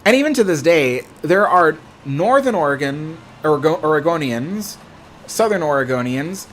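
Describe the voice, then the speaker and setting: The host here is an American man running a casual livestream, responding to viewers in a rambling, self-correcting manner. His slightly high, fairly bright voice has lively intonation at normal speed, with a little hiss or hum behind it.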